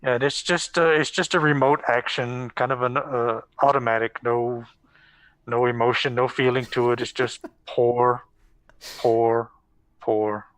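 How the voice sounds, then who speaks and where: A man's voice: mid-range voice, fairly even intonation, normal speed, a bit bright, no echo, low-quality recording. A man playing a tabletop role-playing game, describing his character's actions in a laid-back way. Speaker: player.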